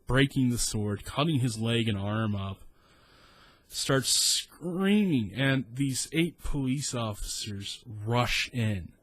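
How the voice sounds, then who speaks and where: A man's voice: mid-range voice, fairly bright tone, no room sound. A man in his thirties with a South Texas accent, telling a rambling, profane story in casual story time.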